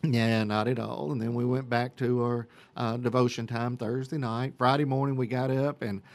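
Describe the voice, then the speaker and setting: A man, a church senior group leader chatting in a radio interview, folksy and rambling, with many fillers and throat clearing. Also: mid-range voice, level tone, normal speed. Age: 50s.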